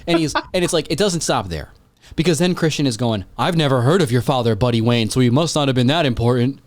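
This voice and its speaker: A man hosting a podcast in casual chat, rambling and excitable, swearing freely. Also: medium pitch, fast, dry recording. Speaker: podcast host.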